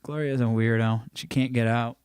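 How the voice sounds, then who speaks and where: A man's voice: medium pitch, fairly even intonation, normal speed, darkish tone, smooth, dry recording. Host, male, casual stream chatter, dry close mic, slightly scratchy throat. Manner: loose, chatty, reacts to chat messages. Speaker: livestream host. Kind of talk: casual chat reading live comments.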